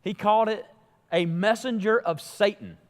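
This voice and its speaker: A man preaching a sermon with a somewhat high voice, pressing points hard and then dropping low. His voice carries a long reverb from a church sanctuary. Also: normal speed. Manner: emphatic preaching, rising and falling in loudness. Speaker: pastor.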